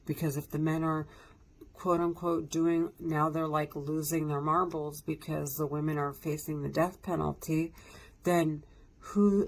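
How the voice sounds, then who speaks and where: A woman vlogging from home, talking in an agitated, rambling way with frequent swearing. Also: sits low. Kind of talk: casual monologue to camera.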